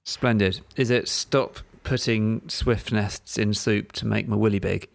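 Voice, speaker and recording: A man co-hosting a casual podcast, dry and wry, slowing down to read out facts. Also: lowish voice, fairly even intonation, gravelly, no echo. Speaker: podcast co-host. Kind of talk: casual chat.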